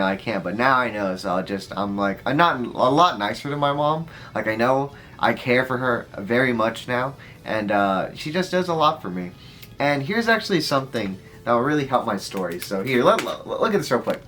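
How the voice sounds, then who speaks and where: A man's voice: mid-range voice, a bit bright, slight background noise. A man in his early twenties telling a heartfelt story in a rambling way, full of fillers. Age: 20s. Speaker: storyteller vlogger. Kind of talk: casual story time.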